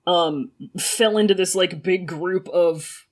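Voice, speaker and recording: A woman's voice: lowish voice, takes it slowly. A woman co-hosting a podcast in casual chat, rambling and laughing with lots of fillers. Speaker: podcast co-host.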